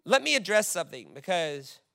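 A man's voice: high voice, very animated, fairly quick, creaky, bright, forceful tone. A man preaching a sermon, emphatic and direct, reading scripture aloud to his congregation. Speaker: pastor.

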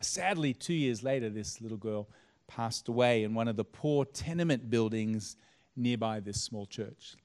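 A man, a pastor telling a story in a sermon, setting each scene with dramatic pauses. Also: medium pitch, a little mellow.

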